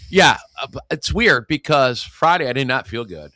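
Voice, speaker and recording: Stuffed-up man with a lively voice. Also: medium pitch, moderate pace, no room sound, clean studio sound. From Michigan. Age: older. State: stuffed up from a cold. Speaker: co-host. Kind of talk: casual political podcast chat.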